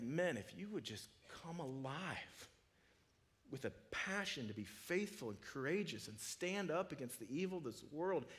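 A man preaching a sermon in a church, talking casually with restarts, then swelling from quiet low asides to loud, high, urgent peaks. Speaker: pastor. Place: church sanctuary.

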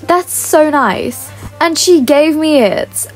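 A young woman giving casual game commentary to her viewers, chatty and excitable, often gasping and gushing as she talks. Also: high voice, slow pace, soft background music. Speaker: gaming YouTuber.

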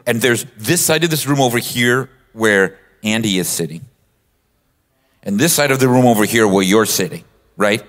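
Lower-voiced man chiming in, echoing hall. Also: moderate pace, a bit bright. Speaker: podcast co-host. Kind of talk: live podcast chat. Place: convention stage with long reverb. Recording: live hall reverb.

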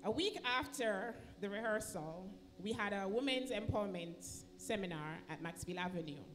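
With music playing in the background, a woman with a Jamaican accent offers an emotional personal testimony in a church sanctuary, acting out each person's voice. Her medium-pitched delivery is animated and at normal speed.

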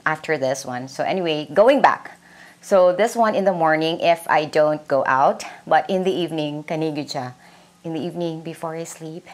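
A young Filipino woman with a Cebuano accent, chatting casually at home about her skincare and mixing Cebuano words into her English. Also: low voice. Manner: chatty, mixes Cebuano into English, many fillers and "like". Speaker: beauty vlogger. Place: indoors at home.

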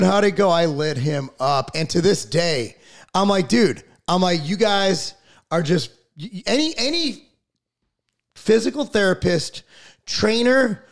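Fired-up, profane middle-aged man. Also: sits high. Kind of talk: casual podcast rant.

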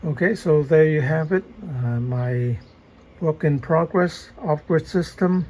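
A man giving an unhurried, casual show-and-tell narration of his setup in a garage and yard, with pauses and fillers. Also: a little high, a little mellow. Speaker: DIY video maker. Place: garage and yard, partly outdoors.

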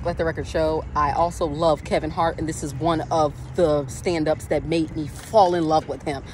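A woman's voice: low-pitched, moderate pace. A woman vlogger venting casually to camera, exasperated and laughing between her lines, in a vehicle. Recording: steady vehicle noise behind.

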